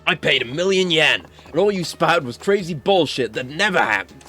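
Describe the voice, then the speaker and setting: A man's voice: mid-range voice, very animated, brisk, faint music behind. A man voicing an angry, hotheaded young man who feels cheated. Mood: furious. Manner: shouting, furious.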